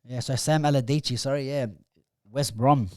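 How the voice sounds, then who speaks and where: A man, co-hosting a casual football chat, who gets animated in bursts and trails off mid-sentence. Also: medium pitch, moderate pace, no room sound, studio quality. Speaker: podcast co-host.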